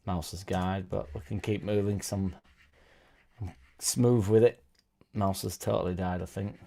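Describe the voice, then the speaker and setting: Mellow-voiced man chatting on a livestream. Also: sits low, steady tone, measured pace, gravelly. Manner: rambling and chatty, reads out viewer comments; self-deprecating asides. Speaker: fan channel host. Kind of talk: casual live-stream chat.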